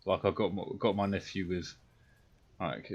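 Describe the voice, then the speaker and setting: A man's voice: low-pitched, steady tone, normal speed, dull audio. A British man streaming a game, ranting bluntly and swearing in casual chat. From Britain.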